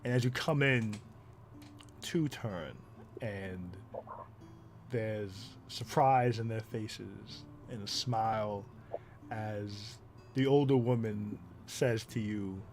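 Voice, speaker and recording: A man's voice: on the low side, slow, faint music behind. A man narrating a tabletop role-playing game as game master, casual with many fillers.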